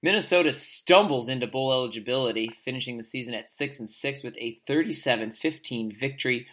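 A man's voice: mid-range voice, brisk, fairly bright tone. A man co-hosting a casual sports podcast, reading score recaps with a wry, joking manner. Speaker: podcast co-host.

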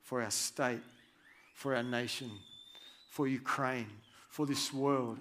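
A man preaching a sermon, reading scripture aloud and swinging between hushed and loud, animated delivery. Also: mid-range voice, slow pace, slight background noise. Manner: reads scripture aloud with feeling.

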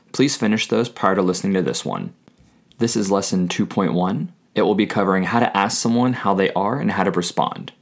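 A man with a somewhat low voice reads a scripted beginner Spanish lesson for his podcast. He speaks slowly and carefully, repeating each phrase twice so listeners can follow. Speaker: Spanish teacher, podcast host.

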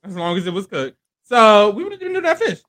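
A podcast co-host goes through a reality-show recap in a casual chat, playful and profane, laughing frequently and acting out what contestants said in loose, profane slang. The delivery is brisk and sing-song at a medium pitch, with a fairly bright tone.

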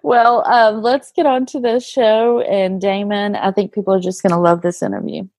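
A woman's voice: mid-range voice, fairly even intonation, normal speed, a little mellow, no echo. A woman co-hosting a casual interview show who agrees often and keeps things moving. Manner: agreeable, many affirming murmurs. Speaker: podcast co-host.

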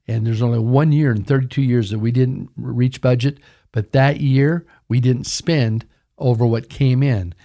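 A man's voice: medium pitch, steady tone, measured pace, dark tone. An older man, a pastor, preaching a sermon with emphatic delivery, often calling his listeners "folks". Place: radio broadcast.

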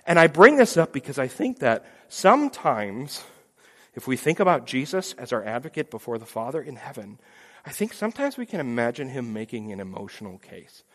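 A man preaching a sermon, dramatic, acting out quoted voices with big swings from loud pleas to near-whispers. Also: medium pitch, very animated, fairly quick. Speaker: pastor. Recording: long hall reverb.

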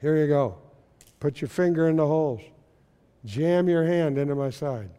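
Male pastor doing a gentle patient teacher, soft and quiet, high voice, church-hall reverb. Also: moderate pace, smooth, natural voice. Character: kind, patient teacher offering proof.

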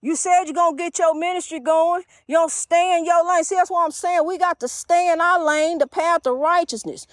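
Her voice high but her tone steady, a woman preaches to listeners she calls honey on her own loose, chatty faith-talk podcast. She speaks at normal speed with few pauses, recorded dry and close with almost no room sound and no echo.

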